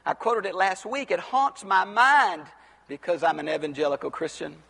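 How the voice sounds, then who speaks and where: A man preaching an expository Bible sermon, teaching from the text and rising to near-shouts on his rhetorical questions. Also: high-pitched, normal speed, vocal fry, slightly rough, long reverb tail.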